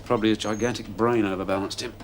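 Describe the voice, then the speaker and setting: An actor playing a dry, deadpan male desk sergeant in a 1990 TV police drama. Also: lowish voice, rapid-fire, noisy background, natural voice. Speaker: station sergeant.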